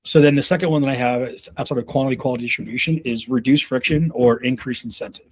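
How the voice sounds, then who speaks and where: A man's voice: mid-range voice, fast, husky. A man in his thirties coaching on a call, casual and rambling, with many fillers and restarts. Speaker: sales leadership coach.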